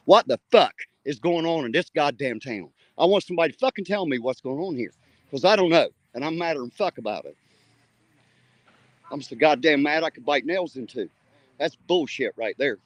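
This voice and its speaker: A man's voice: on the high side, animated, fairly quick, dry recording. An angry man, ranting with a stream of curses while hosting a livestream from a car on his phone. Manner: loud, cursing, indignant. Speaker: livestream host. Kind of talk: angry profane livestream rant.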